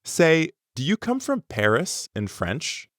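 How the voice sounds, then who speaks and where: A man teaching a language lesson, pronouncing words slowly and carefully for learners. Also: a little high, wildly swooping pitch, background noise. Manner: slow, careful pronunciation for learners. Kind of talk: scripted lesson narration.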